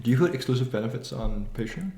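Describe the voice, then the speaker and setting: A man's voice: mid-range voice, animated, quick pace, dark tone, roomy sound. A man co-hosting a podcast at home, trading playful, dry quips in casual chat. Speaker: podcast co-host. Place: home room.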